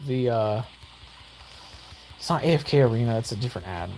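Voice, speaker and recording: Young man, gameplay commentary, excitable, rambling, prone to outbursts. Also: mid-range voice, brisk, a little hiss or hum. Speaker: gaming YouTuber.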